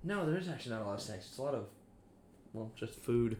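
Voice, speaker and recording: A man's voice: mid-range voice, animated, quick pace, background noise. A man co-hosting a podcast in casual banter, laid-back and laughing, often stumped for an answer. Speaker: podcast co-host.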